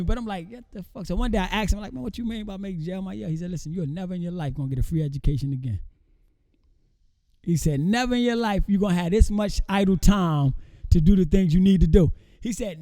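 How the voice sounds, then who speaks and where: Man in his thirties, slangy casual storyteller, fairly high pitch, very dark tone. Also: no room sound. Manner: animated street slang, frequent "you feel me". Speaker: podcast guest.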